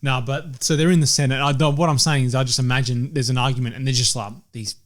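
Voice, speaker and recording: A man's voice: mid-range voice, fairly even intonation, quick pace, fairly bright tone. A young man co-hosting a podcast, joking around with slang in casual chat. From Australia. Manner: joking, laughs often, slangy. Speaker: podcast co-host.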